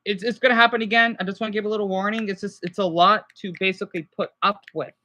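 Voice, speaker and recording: Bright-voiced, agitated male streamer. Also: high voice, fairly even intonation, fast talker. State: stressed and overwhelmed. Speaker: livestreamer. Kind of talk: rambling livestream reaction commentary.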